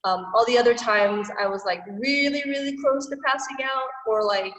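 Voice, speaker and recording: A woman teaches grappling technique over a video call, relaxed and chatty, with lots of filler words and little acted-out quotes. She sounds distant from the microphone, and the room gives her voice a long, echoey tail. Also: a little high, normal speed. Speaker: martial arts instructor. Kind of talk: online class instruction. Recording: roomy, echoey, far from the mic.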